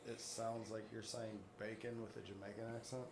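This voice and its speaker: A man co-hosting a podcast in casual chat, teasing the others with quick interjections. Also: lowish voice, level tone. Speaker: podcast co-host.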